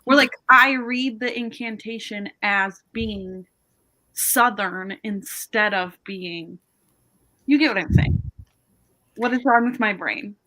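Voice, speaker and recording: Young woman, host of a reading chat over a video call; bright, chatty, quick to laugh at herself. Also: mid-range voice. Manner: chatty, laughs often, self-deprecating. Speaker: host of a reading sprint stream. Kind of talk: casual chat.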